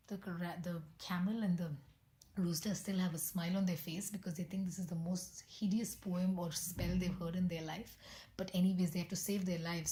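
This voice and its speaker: A woman's voice: lowish voice, dark tone, reverberant. A woman telling a folk tale with voiced animal characters, often dropping into a whisper. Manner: often drops to an unvoiced whisper. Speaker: storyteller.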